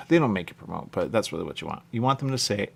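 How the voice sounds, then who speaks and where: A man's voice: on the low side, expressive, quick pace, gravelly, breathy edge. A man hosting a talk radio show, chatting casually in a rambling way and often checking in with "okay?". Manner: chatty, keeps saying "okay?" and "there you go".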